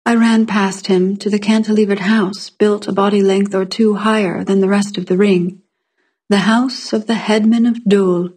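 Woman, breathy voice, mid pitch, calm scripted fiction narration. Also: moderate pace.

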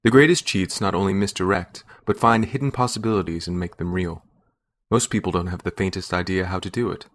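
Low-voiced male story narrator. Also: a bit bright. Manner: measured first-person storytelling. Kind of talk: scripted narration.

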